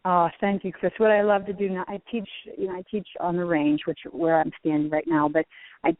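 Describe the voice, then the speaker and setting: A woman's voice: on the low side, brisk, no echo. Middle-aged woman on a phone call, tinny and dry, chatty and laughing as she tells golf tour stories. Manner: lively, laughing while telling stories. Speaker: former tour golfer and golf teacher. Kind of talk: phone interview storytelling. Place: outdoors at a driving range.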